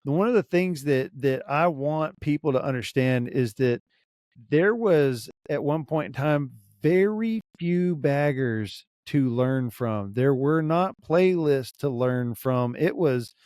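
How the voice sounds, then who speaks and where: Male podcast host, casual chat, easygoing, says dude a lot, mid-pitched voice, dry close sound. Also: lively intonation, slow pace, darkish tone, no echo. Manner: easygoing, peppered with dude and man.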